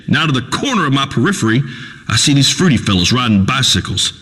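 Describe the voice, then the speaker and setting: An actor playing a crude, boastful redneck talk radio host in a video game, ranting in a folksy drawl. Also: male voice, a little high, slightly rough, long reverb tail, heavily acted. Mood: swaggering. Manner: loud folksy swaggering rant, Southern drawl.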